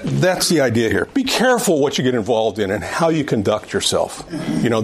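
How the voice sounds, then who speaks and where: A man's voice: mid-range voice, gravelly. A middle-aged man teaching an adult Sunday school class in a conversational way, often restarting phrases and repeating his points.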